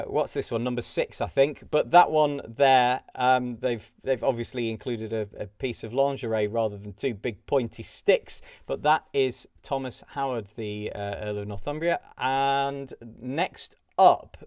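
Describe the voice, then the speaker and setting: A man's voice: medium pitch, darkish tone, smooth, no echo, clean studio sound. Chatty man hosting a quiz. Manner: chatty, giggles at pictures, frequent fillers. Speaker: pub quiz host. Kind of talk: casual live-stream quiz answer run-through.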